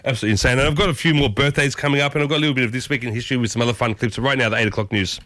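A man with an Australian accent hosting a morning radio show, chatty and upbeat, often jumping up in pitch. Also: very fast, noisy background. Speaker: radio host. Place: radio studio. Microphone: studio microphone.

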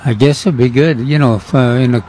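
Radio co-host dude, mid voice, lots of pauses and uhs. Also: male voice, medium pitch, darkish tone, a little hiss or hum, rough recording. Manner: hesitant, searching for words. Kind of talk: casual radio chat.

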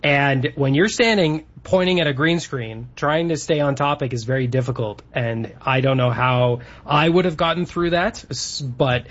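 Relaxed radio co-host, husky. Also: male voice, medium pitch, muffled recording. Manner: relaxed, agreeable, quick reactions. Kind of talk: casual radio banter.

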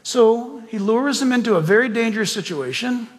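A man's voice: extremely high pitch, lively intonation, normal speed, in a large hall. A male pastor preaching a sermon, telling a story with emphatic rhetorical questions and ending in prayer.

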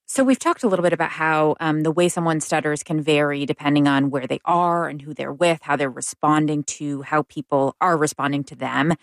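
A woman's voice: deep voice, a little fast, few pauses, no room sound, clean studio sound. A woman hosting an interview, asking curious and inviting questions. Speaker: interview host.

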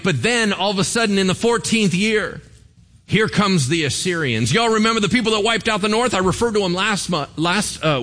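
Animated man preaching with sweeping pitch. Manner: animated, conversational, asks the crowd rhetorical questions. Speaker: pastor. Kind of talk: sermon.

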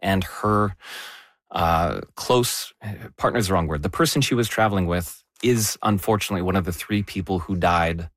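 Lower-pitched man explaining the news. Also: moderate pace, no echo, clean studio sound. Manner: explanatory, animated, corrects himself mid-sentence. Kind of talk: conversational news discussion.

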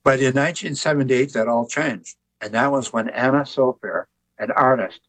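Husky older man telling stories. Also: mid-range voice, moderate pace, rough recording. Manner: relaxed storyteller who jokes. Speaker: author and artist, interview guest. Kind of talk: conversational interview storytelling.

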